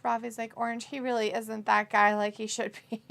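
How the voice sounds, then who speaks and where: A woman's voice: on the high side, little pitch movement, moderate pace, vocal fry, fairly bright tone. A woman co-hosting a live watch-along, casually reading viewer comments aloud, laughing often and swearing freely. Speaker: co-host of a wrestling watch-along.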